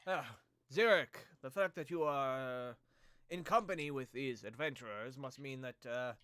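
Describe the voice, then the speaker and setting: A man's voice: mid-range voice, moderate pace, a bit bright, slight background noise, natural voice. A man doing a frail, courtly old mage. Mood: formal. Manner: formal, gracious speech.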